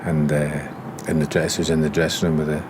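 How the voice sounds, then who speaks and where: A former footballer earnestly recalling an embarrassing first day in an interview. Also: male voice, very deep voice, completely flat delivery, brisk, noisy background. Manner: earnest, self-deprecating. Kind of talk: reflective interview.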